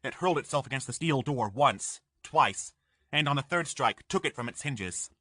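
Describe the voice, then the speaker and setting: A man narrating an audiobook in measured storytelling, recorded on a studio microphone. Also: mid-range voice, expressive, sharp tone, no echo. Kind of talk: scripted narration.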